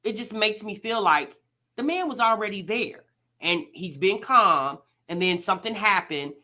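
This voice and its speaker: Bright-voiced woman hosting a chatty reaction vlog. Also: medium pitch, lively intonation, normal speed. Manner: chatty, addresses viewers directly, rhetorical questions. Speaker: reaction channel host. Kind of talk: casual reaction commentary.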